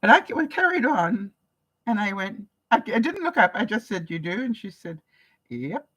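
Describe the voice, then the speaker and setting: A woman's voice: on the high side, big pitch swings, moderate pace, fairly bright tone, husky, poor audio. A woman vlogger from Canada, telling stories in a live-stream chat with viewers, laughing often and acting out the voices she quotes.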